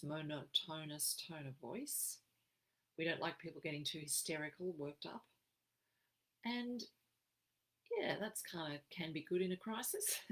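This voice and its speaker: An Australian woman giving an expressive, emphatic live-streamed wellbeing talk as a program facilitator. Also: sits low, poor audio. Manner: expressive, emphatic, acts out quoted phrases.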